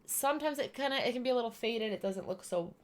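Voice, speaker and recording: A woman's voice: on the high side, animated, quick pace. A woman chatting casually while she does her makeup, explaining each step as she goes. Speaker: streamer doing makeup. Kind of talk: casual makeup tutorial chat.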